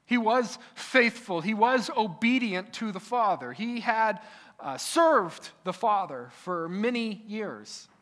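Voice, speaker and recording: Male preacher, high voice, emphatic repetition, long hall echo. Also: expressive, slow. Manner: emphatic, repetitive preaching with sudden drops to quiet. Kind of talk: sermon. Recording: echoey hall.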